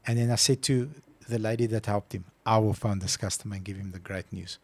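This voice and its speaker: A man's voice: lowish voice, steady tone, brisk, no echo. A man co-hosting a casual podcast who tells stories with animation and acts out his phone calls. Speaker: podcast co-host. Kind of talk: casual chat.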